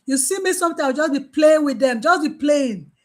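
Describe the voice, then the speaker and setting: A woman gives an informal training talk as a mental health nurse. She is animated, repeats key phrases for emphasis, and acts out her exchanges with patients. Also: high voice, brisk.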